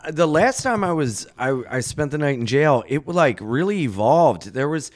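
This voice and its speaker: A comedian guest telling stories on a podcast in casual chat, jumping into high voices when he quotes people. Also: moderate pace. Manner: animated storyteller who acts out quotes in shrill voices.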